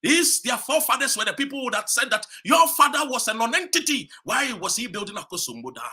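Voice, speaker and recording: A man from Ghana delivers a fiery political speech with a high, bright, husky voice. His pitch swings widely as he preaches, repeating phrases and rising to shouts. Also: very animated, fairly quick. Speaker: political commentator. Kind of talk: impassioned political speech to camera.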